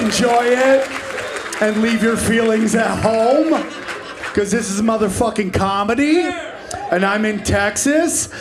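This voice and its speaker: A man in his forties doing a stand-up comedy set, brash and profane, shouting his punchlines and acting out the people in his stories. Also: high-pitched, heavy background noise. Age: 40s. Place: comedy club stage in front of a live audience.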